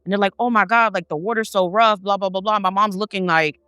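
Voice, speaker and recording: A woman telling a family story in casual talk, swearing and acting out her relatives' lines with animated energy. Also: mid-range voice, fairly quick, smooth, no room sound, studio quality. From Haitian family.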